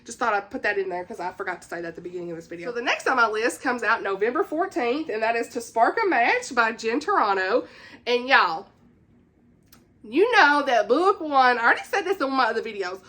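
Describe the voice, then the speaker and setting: A woman's voice: a little high, lively intonation, quick pace, bright, forceful tone. A woman with a Southern US accent chatting eagerly about upcoming books and reading their blurbs aloud, stumbling and laughing at her own slips. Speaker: book vlogger. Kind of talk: casual book chat, reading blurbs aloud.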